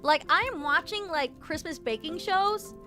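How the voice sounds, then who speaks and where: A high-voiced young woman rambling through a casual livestream chat, her pitch leaping all over. She laughs often and bursts into sudden shouts. Her tone is bright, with faint music underneath. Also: expressive, a little slow. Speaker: streamer.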